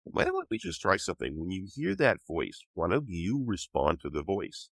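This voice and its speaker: A man's voice: low voice, wildly swooping pitch, normal speed, vocal fry, a bit bright, no echo. An older man with a cold, patiently explaining ideas as a guest author in an interview. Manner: patient, teaching tone. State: has a cold.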